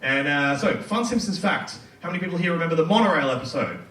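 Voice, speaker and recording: A man doing a stand-up comedy set in a comedy club, with a quick, playful delivery and loud acted quotes. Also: a little high, animated, echoey room, recorded from a distance, slight background noise.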